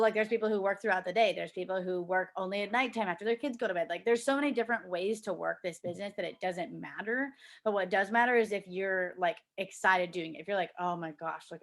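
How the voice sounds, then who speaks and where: A woman's voice: lowish voice, gravelly. Young woman, casual team coaching talk, chatty, full of "like", plays out quoted voices. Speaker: team leader coaching a sales team. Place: at home with a child nearby.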